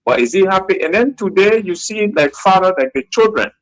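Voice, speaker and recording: A man's voice: high voice, lively intonation, brisk, a bit bright, dry recording, rough recording. A man with a Liberian English accent calling in to a radio show, heated and critical, repeating his points. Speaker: caller. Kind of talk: call-in radio talk.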